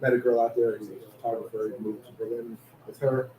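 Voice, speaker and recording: New York man telling stories, mellow and roomy. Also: medium pitch, fast. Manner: storytelling, animated anecdotes. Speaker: podcast co-host. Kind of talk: casual chat. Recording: echoey room with faint background hiss.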